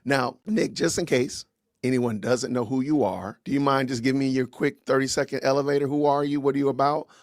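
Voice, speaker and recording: Upbeat gravelly host greeting his chat. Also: mid-range voice, steady tone, brisk, no room sound, studio quality. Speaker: podcast host. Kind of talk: casual livestream podcast talk.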